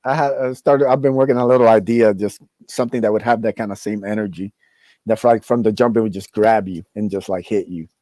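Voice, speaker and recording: A man's voice: lowish voice, fairly even intonation, quick pace, mellow, no echo. A man in casual podcast chat, talking enthusiastically and rambling with many fillers. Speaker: podcast guest, comic creator.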